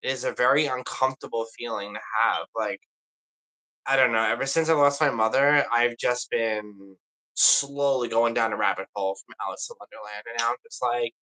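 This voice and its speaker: A man's voice: mid-range voice, steady tone, moderate pace, pushed and bright, rough recording. A man chatting casually on a livestream, rambling and confiding in an emotional way.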